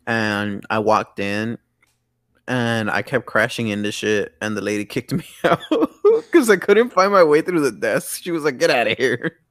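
A man's voice: mid-range voice, measured pace, dry recording, studio quality. A young man in his late teens co-hosting a podcast, telling profane stories in casual chat and laughing a lot. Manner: animated, profane storytelling with frequent laughter. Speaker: podcast co-host.

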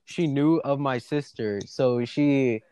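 A man's voice: medium pitch, slow, dark tone, smooth, no echo. A young man co-hosting a casual podcast chat, joking, swearing and laughing often. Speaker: podcast co-host.

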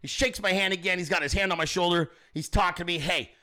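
A man with a high, bright voice recounts a story in a casual chat. He talks with lively energy, acting out the lines of the people he quotes and swearing offhandedly. The tone stays loose and conversational. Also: fast talker. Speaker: podcast host.

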